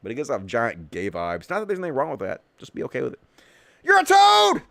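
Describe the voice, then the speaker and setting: A man's voice: mid-range voice, big pitch swings, racing, creaky, no room sound, studio quality. A man hosting a political commentary show, talking in a sarcastic, mocking and profane way. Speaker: host.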